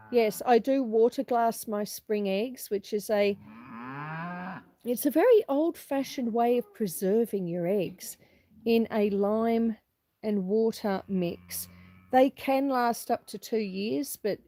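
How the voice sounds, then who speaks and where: Walking around her homestead with cows close by, a middle-aged woman chats on a live stream and reads out comments, struggling against a cough. She speaks slowly in a fairly high voice with a dark tone, recorded dry.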